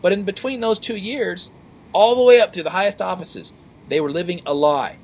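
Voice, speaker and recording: A man co-hosting a casual podcast, talking in an animated, sarcastic and exasperated way. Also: high-pitched, a little fast, husky, dull audio. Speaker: podcast co-host.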